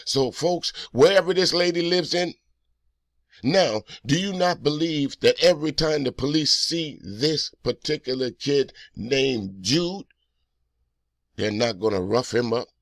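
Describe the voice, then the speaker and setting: A man's voice: fairly high pitch, a little slow, dry recording, clean studio sound. A man hosting a reaction video, delivering heated, profane, accusing commentary straight at the person in a clip.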